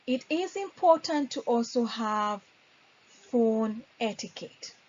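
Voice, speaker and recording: Earnest female trainer, slightly high voice, muffled lo-fi sound. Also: lively intonation, slow pace, darkish tone. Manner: earnest, acts out sample phone lines. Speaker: customer service trainer. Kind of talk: instructional talk.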